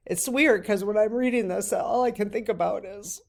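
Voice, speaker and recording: A woman's voice: mid-range voice, normal speed, creaky, few pauses, darkish tone. A middle-aged woman talking casually to camera in a personal vlog, often emotional and close to tears. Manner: tearful, breaks off to cry. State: crying at times. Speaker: channel host.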